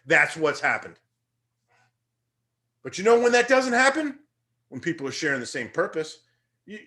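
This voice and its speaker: Young male teacher, slightly high-pitched, energetic, conversational motivational lecture. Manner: energetic, conversational, rising to emphatic bursts.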